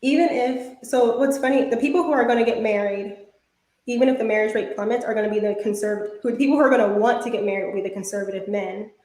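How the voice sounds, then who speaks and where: Young woman co-host, slightly high voice, emphatic, roomy sound. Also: fast, darkish tone. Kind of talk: casual podcast chat.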